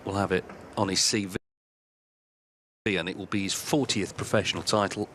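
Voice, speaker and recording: A man's voice: deep voice, fairly even intonation, a little slow, a bit bright, slight background noise. A man as lead commentator, narrating the match in a polished broadcast manner. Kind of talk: live sports commentary.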